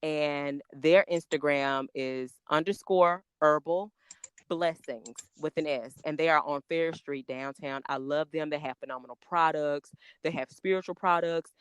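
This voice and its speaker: A woman chats eagerly on a podcast, her words tumbling out in excitement. Her voice is smooth and clear, recorded close in a dry space. She slows down to spell names letter by letter. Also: sits low, no room sound. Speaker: podcast guest, makeup artist. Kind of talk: casual podcast chat.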